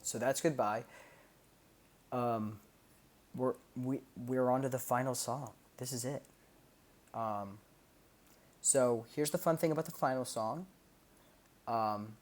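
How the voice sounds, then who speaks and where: This man is streaming a relaxed breakdown of his own songs in a medium-pitched, unhurried voice with long pauses. He explains loosely, filling in with fillers and sung sound effects as the track's music plays loudly.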